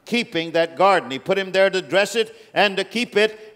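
A man delivers a sermon in a large auditorium, his voice sitting a little high for a man. He swings from booming, stretched-out proclamations to hushed, grave rebukes. Long reverb hangs after each phrase in the big hall. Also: lively intonation, moderate pace, few pauses. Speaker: guest preacher.

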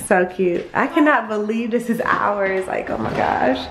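A young woman filming her own home tour on a phone, unhurried and chatty, gushing over each room with plenty of ums and likes. She sounds a little out of breath as she walks through the bare house. A faint hiss sits under her voice. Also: medium pitch, animated, gravelly. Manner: chatty, gushing, full of fillers. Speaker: vlogger giving a house tour. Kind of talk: casual home tour vlog. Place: empty house, indoors.

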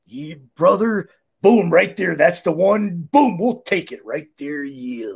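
A man doing a gruff growling wrestling legend. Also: animated, slow, heavily acted. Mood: conspiratorial. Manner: low, gruff growl with repeated catchphrases. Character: gravelly, intense male wrestling star impression.

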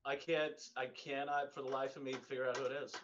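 A man's voice: mid-range voice, flat delivery, a little fast, background noise. Male quiz contestant, self-deprecating, exclamatory, dull lo-fi audio. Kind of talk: casual game show banter.

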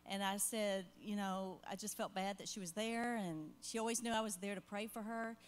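An older woman speaks in an earnest, heartfelt way, giving parenting advice in a church Q&A. She rambles a little, drifting into asides before finding her point again. Her voice sits at an ordinary middle pitch for a woman. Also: steady tone, normal speed. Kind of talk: church Q&A conversation.

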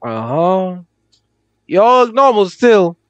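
A man's voice: sits high, slow pace, clean tone, dry recording, dull audio. A young man commentating a horror game playthrough, chatting in slang and yelping when startled. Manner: excitable slangy chatter, jumpy yelps. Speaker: gaming YouTuber.

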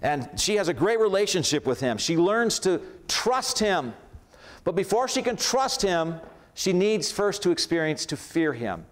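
A man preaching in a church, his voice sitting a little high for a man. He talks conversationally and builds up emphatic lists. The pace stays easy and unhurried. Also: very animated. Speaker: pastor. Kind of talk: sermon. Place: church sanctuary.

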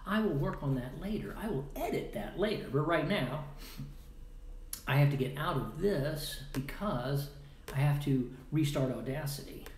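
A man's voice: fairly high pitch, animated, normal speed. A man hosting a casual live stream, chatting playfully and muttering to himself as he works. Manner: chatty, mutters to himself while editing audio; playful, jumps between loud bursts and quiet asides. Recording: roomy echo with faint noise.

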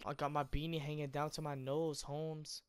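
A man doing a cocky young street tough with a put-on Mexican accent, drawling slang-heavy lines in a raised, smooth voice. The boast is laid on thick for a gameplay voice impression. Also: on the high side, flat delivery, moderate pace, close to an everyday voice. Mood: swaggering.

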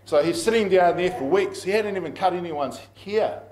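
A middle-aged pastor with a New Zealand accent delivers a sermon in a relaxed, conversational way, often laughing at his own stories. His voice sits a little high for a man. The sound carries the echo of a large room. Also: moderate pace. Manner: conversational storytelling, laughs at himself. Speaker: pastor and school principal. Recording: echoey room.

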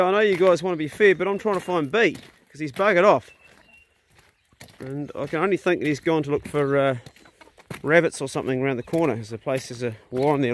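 Chatting casually into his phone camera on a rural property outdoors, a middle-aged hunter and vlogger speaks in a mid-range voice. He's blunt and easygoing with mild swearing, and often coaxes his dogs in a raised voice.

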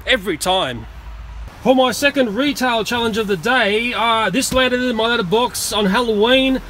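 An Australian man vlogging on a shopping trip, talking to the camera in an animated, indignant way. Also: very high-pitched, moderate pace, a little hiss or hum. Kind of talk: casual vlog, talking to camera. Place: shopping centre, car park and store.

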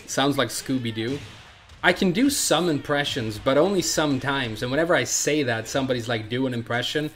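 A man's voice: medium pitch, lively intonation, a bit bright. A man with a cold, casually commentating his gameplay on stream, swearing and trash-talking as he plays. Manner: profane, trash-talking, quick asides. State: congested from a cold. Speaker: game streamer.

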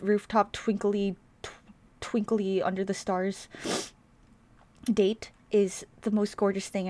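A woman's voice: mid-range voice, darkish tone. A woman hosting a casual fan reaction vlog, gushing and giving playful mock speeches with some swearing. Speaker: reaction video host.

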